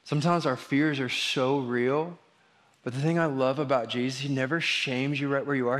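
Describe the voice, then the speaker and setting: A man's voice: medium pitch, fairly even intonation, moderate pace, fairly bright tone. A man preaching as pastor, informal and encouraging, repeating his phrases. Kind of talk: sermon. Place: church sanctuary.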